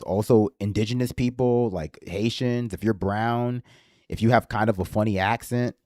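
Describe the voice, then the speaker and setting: A man's voice: on the low side, darkish tone, dry recording, studio quality. A man hosting a livestream in casual political commentary, with a slight lisp and a sarcastic, rambling manner that swears freely. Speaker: livestream host.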